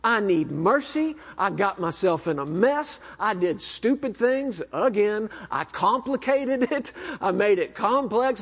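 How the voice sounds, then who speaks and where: A man with a high voice preaches to his church, moving from quiet hushed lines to urgent rising bursts. He keeps turning to the congregation with questions. The recording sounds dull and lo-fi. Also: animated, a little slow, hardly any pauses, slightly rough. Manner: preaching with sudden drops to a hush and rising bursts. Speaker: pastor. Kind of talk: sermon.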